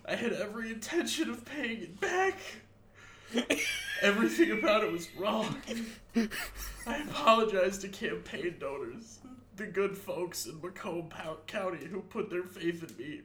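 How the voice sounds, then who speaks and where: A man acting out a disgraced middle-aged man choking through a tearful apology. His bright, high voice jumps up and down in pitch. The sound carries a roomy echo. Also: lively intonation, slight background noise. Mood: mock crying. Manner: mock-tearful, halting reading.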